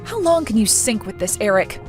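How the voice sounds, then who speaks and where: A woman's voice: medium pitch, sing-song, fairly quick, close to an everyday voice. A woman voicing a humiliated young bride in an acted relationship story, indignant and accusing. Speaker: voice actor in a story video. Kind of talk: scripted voice acting. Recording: faint background music.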